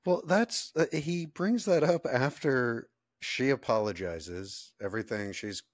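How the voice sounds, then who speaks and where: A man co-hosts a podcast in casual conversation, his medium-pitched voice measured and free of echo. He's easygoing, asks questions, and laughs often.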